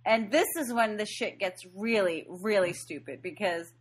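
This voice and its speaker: A woman's voice: mid-range voice, moderate pace, slightly rough. A woman co-hosting a podcast, chatting casually as she recaps a movie and laughs often. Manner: laughs often, animated retelling with quoted lines. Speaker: podcast co-host.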